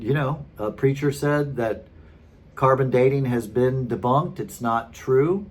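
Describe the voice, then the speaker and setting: Husky, lively-voiced man telling stories. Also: medium pitch. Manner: chatty and rambling, many fillers and restarts, frequent laughs. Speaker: former pastor telling his story. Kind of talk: casual storytelling to camera.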